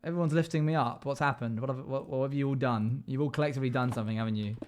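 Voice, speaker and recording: A man's voice: medium pitch, rapid-fire, a little mellow, slight background noise. A man streaming a game live, chatting casually with his viewers, reading their comments aloud and humming little tunes as he builds. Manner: hums and scats tunelessly while building. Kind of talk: casual live-stream chat while playing.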